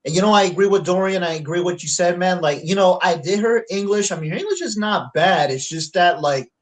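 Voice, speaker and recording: A man's voice: high-pitched, animated, brisk, low-quality recording. A man co-hosting a casual panel chat who rambles, filling his talk with "like" and restarts. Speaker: co-host.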